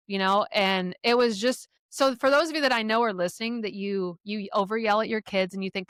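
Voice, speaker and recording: A middle-aged woman speaking as a podcast guest, telling her own parenting stories candidly, with blunt language and lively acted-out quotes. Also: mid-range voice, a little fast, few pauses, clear, resonant tone, dry recording, studio quality. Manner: frank, profane, animated retelling of quotes. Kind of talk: candid conversational storytelling.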